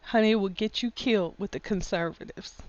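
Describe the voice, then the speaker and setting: A woman in a casual opinion monologue, folksy and full of endearments, laughing often and getting loud when worked up. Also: mid-range voice, a little fast, no echo, lo-fi sound. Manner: folksy, drawls endearments like honey and baby. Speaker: vlogger.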